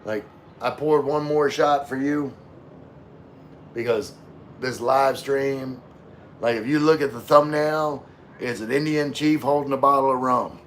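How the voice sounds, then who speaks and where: A man reading viewer comments on a casual live stream, rambling and relaxed while drinking with his chat. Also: mid-range voice, unhurried, pauses often, a little hiss or hum. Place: room with floor-to-ceiling window.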